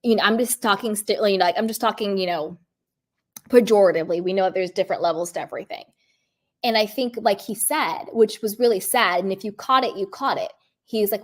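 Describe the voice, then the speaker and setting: A woman giving casual, emphatic commentary on a reality show, full of "like" and "you know". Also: medium pitch.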